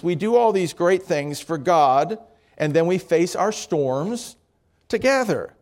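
Middle-aged male pastor, sermon delivery, slightly higher voice, storytelling with restarts and dramatic drops in volume. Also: a little mellow.

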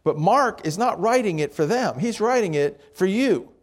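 Middle-aged male pastor, sermon delivery, slightly higher voice, storytelling with restarts and dramatic drops in volume. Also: expressive, normal speed.

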